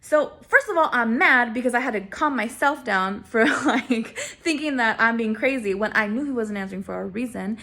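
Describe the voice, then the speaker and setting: A young woman with a somewhat high voice tells a personal story straight to camera. She is animated and self-mocking and laughs often. She acts out quoted lines with big jumps in pitch. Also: moderate pace, hardly any pauses. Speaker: vlogger.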